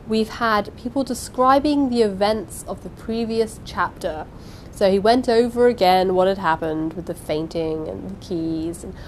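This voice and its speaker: A woman reading a classic novel aloud and then chatting casually about the chapter in a lively, expressive way. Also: fairly high pitch, a little hiss or hum, poor audio. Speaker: reader.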